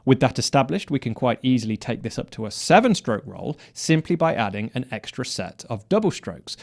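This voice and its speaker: A man's voice: mid-range voice, very animated, a little fast, creaky, few pauses, a little mellow. A man teaching snare drum technique, explaining step by step and counting strokes aloud. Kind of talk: instructional explanation.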